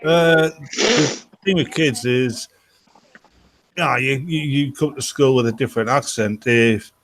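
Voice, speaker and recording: UK male co-host, mid-pitched, rambling crude chat full of fillers and restarts. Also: unhurried, a bit bright, slight background noise. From United Kingdom. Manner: rambling, repeats words with many fillers. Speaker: podcast co-host. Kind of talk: casual crude banter.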